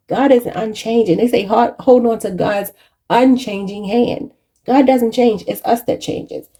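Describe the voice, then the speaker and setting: A woman's voice: mid-range voice, warm tone, slightly rough. A woman giving a channeled tarot reading, emotional and preachy, choked up and near tears, calling her viewers y'all. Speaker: tarot reader.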